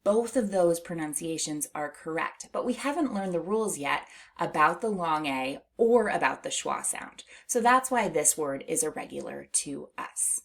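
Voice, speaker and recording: A middle-aged woman with a deep voice and some vocal fry guides young children through a phonics lesson, patient and encouraging. She draws words out slowly, her intonation lively, and laughs lightly between steps.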